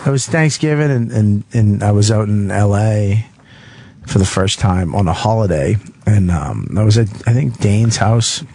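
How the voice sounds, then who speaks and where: A man's voice: lowish voice, normal speed, vocal fry. A man telling a rambling, profane anecdote on a radio talk show, acting out the people in it. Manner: profane, rambling, animated anecdote with voiced quotes. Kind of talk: casual storytelling. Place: radio studio.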